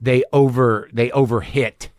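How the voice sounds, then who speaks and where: A man's voice: mid-range voice, steady tone, unhurried, no echo, clean studio sound. Musing male podcast host. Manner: musing, trailing off, restarting phrases. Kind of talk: casual podcast conversation. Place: podcast studio.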